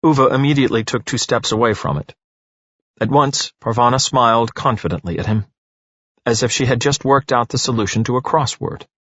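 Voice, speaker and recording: Expressive male audiobook narrator, husky voice, dull lo-fi recording. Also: mid-range voice, fairly quick, dry recording. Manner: expressive, storytelling.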